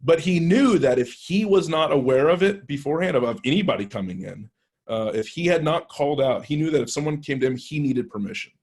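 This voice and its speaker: A man's voice: fairly high pitch, animated, fairly quick, a little mellow, slightly rough. A man who works as a penetration tester, telling a story in a casual, conversational way with restarts and acted-out quotes.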